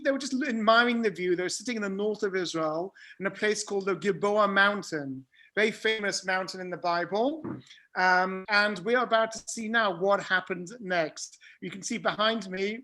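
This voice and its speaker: A man's voice: high-pitched, moderate pace, pushed and bright. A man giving a casual, chatty talk as a guest speaker on a video call. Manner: chatty, with fillers and restarts.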